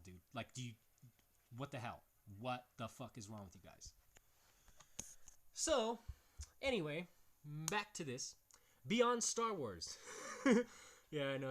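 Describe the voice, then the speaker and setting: A man's voice: medium pitch, fairly bright tone. A man reading book passages aloud and breaking in with crude, mocking remarks. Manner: blunt, crude, mocking, swears often; reads passages aloud then comments. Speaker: video host reading from books. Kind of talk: casual, profane commentary reading quotes aloud.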